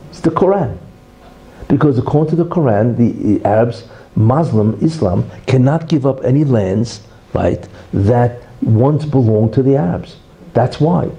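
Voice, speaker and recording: A man teaches as a rabbi in an emphatic lecture, tagging point after point with "right?" and "you see". His voice is very dark and mellow, yet his pitch leaps around in a lively, animated way. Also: rough recording. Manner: teaches through a parable, acting out the quarrel in raised voices. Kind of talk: religious lecture.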